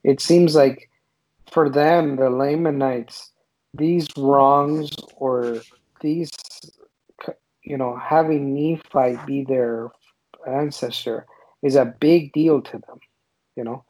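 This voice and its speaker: A man's voice: medium pitch, steady tone, darkish tone, poor audio. A man in a casual religious discussion, retelling scripture passages and acting out the quotes with frequent restarts. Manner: paraphrases scripture with acted-out quotes, halting restarts. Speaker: podcast co-host discussing scripture.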